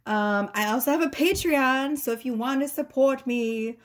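A woman's voice: high voice, moderate pace. A woman tarot reader chatting casually with viewers, giggly, playful and sassy, laughing often. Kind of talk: casual tarot reading chat.

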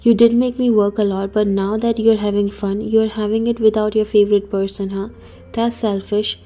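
A woman's voice: mid-range voice, level tone, normal speed, warm tone, natural voice. A woman reading the part of a playful, mischievous male friend and co-worker in a read-aloud story. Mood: teasing. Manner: joking, mischievous. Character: teasing playful male best friend and employee.

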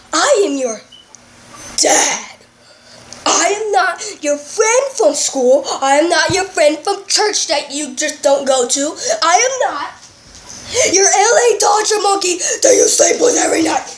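A woman playing a strict father who scolds his son in a comedy sketch, with slow, drawn-out scolding and sudden shouts. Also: sits high, noisy background. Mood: scornful. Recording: roomy echo.

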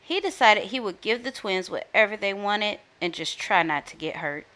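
A woman storyteller reading a children's book aloud in a lively, expressive way. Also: medium pitch, moderate pace.

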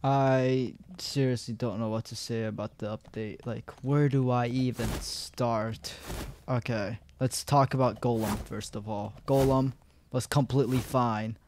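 A man's voice: mid-range voice, fairly even intonation, a little slow, a little mellow, a little hiss or hum. A young man giving a rambling, frustrated commentary over gameplay, full of fillers and restarts. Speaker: gaming video creator.

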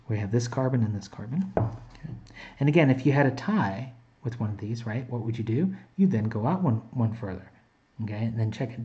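Man lecturing casually, mellow and muffled. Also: mid-range voice. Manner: conversational, many fillers and restarts. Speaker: chemistry instructor. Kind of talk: recorded lecture.

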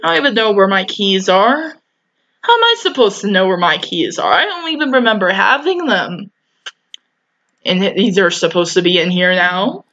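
A young woman, a gaming YouTuber, does let's-play commentary on a horror game, chatting, talking back to it, and shrieking and swearing at the scares. Her medium-pitched voice is sing-song and fairly bright, at a moderate pace, though the recording sounds muffled.

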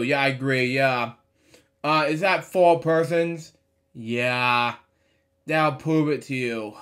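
A man's voice: fairly high pitch, fairly bright tone. A man reading a children's storybook aloud at home, stumbling over words and breaking off into blunt, irreverent asides. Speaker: storybook reader. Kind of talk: casual read-aloud with commentary. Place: home at night.

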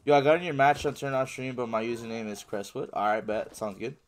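Talking fast at a medium pitch, a man playing a game on livestream reads out his viewers' chat messages and responds in a slangy, casual way, often dropping "bro" and "man". A little hiss or hum sits under the audio.

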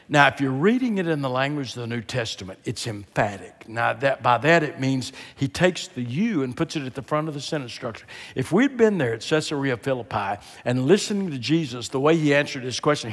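An older man preaching a sermon, moving from quiet, hushed emphasis to loud, impassioned exhortation. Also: medium pitch, breathy edge. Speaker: guest preacher. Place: large church sanctuary. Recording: long reverb of a large hall.

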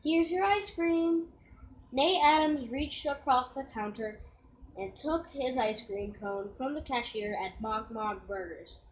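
Slow woman reading a storybook aloud. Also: fairly high pitch, a little hiss or hum, low-quality recording. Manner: slow, halting, self-correcting. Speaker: reader. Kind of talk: reading a children's book aloud.

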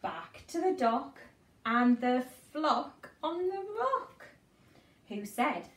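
A woman's voice: high-pitched, big pitch swings, very slow, fairly bright tone, recorded from a distance. A woman reading a picture book aloud to small children in a sing-song way, with playful asides. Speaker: children's storyteller. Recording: echoey room, away from mic.

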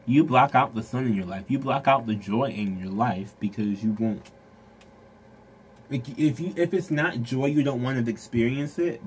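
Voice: medium pitch, a little mellow, a little hiss or hum. A tarot reader giving a casual reading straight to the viewer, rambling, full of "like" and "you know". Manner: rambling, filler-heavy talk; frank and direct toward the viewer.

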